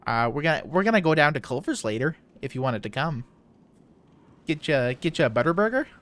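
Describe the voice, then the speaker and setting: A man's voice: fairly high pitch, very animated, fairly quick, a bit bright. A man putting on a friendly, apologetic Upper Midwest guy with an exaggerated Minnesota accent, a bit distant from the mic. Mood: folksy.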